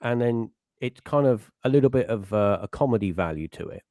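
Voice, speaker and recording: A man's voice: medium pitch, expressive, a little fast, dark tone, no room sound, clean studio sound. A middle-aged man hosting a podcast in casual chat, rambling and breaking off to act out little quotes. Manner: rambling, self-interrupting, acts out quotes. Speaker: podcast host.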